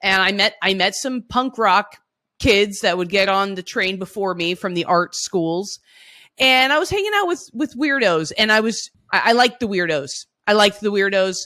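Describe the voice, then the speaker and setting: A woman co-hosting a podcast, telling stories casually with lively restarts and frequent laughs. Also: mid-range voice, normal speed. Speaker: podcast co-host. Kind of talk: casual conversational storytelling.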